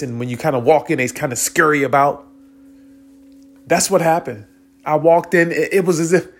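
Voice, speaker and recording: A young man earnestly recounting a spiritual experience in a rambling way, with many restarts and moments where he gets tearful. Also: a little high. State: tearful at times. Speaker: vlogger. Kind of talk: personal spiritual storytelling.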